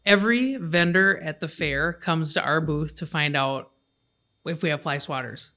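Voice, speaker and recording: A podcast host chats with a guest in a bright, sharp tone. The talk is loose and joking, with laughter breaking into the stories. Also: mid-range voice, normal speed. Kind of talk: casual chat.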